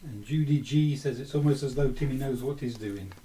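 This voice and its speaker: A man reads viewer comments aloud to the host in a dry, matter-of-fact tone. His voice sits at an ordinary middle pitch, with faint noise behind it. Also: brisk, warm tone.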